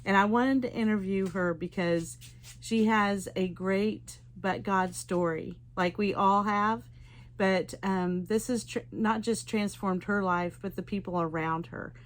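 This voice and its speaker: A woman's voice: mid-range voice, fairly even intonation, measured pace. Woman host, casual interview, meandering restart-heavy delivery. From Oklahoma. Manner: rambling, many restarts and fillers.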